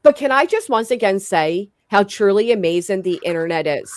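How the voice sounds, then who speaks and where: A woman's voice: mid-range voice, animated, moderate pace, a little hiss or hum. A woman from the United States hosting a casual chat, talkative and enthusiastic. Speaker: host.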